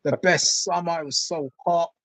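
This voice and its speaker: A man's voice: on the high side, fairly even intonation, normal speed, a bit bright, no echo. A man in casual chat who swears freely and talks in a streetwise way.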